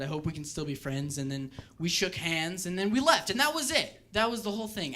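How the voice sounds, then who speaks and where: Young male stand-up, bright tense voice, lively storyteller on a club mic. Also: a little high. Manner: animated storytelling, mimics quoted voices. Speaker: stand-up comedian. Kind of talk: stand-up comedy set. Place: comedy club stage with live audience.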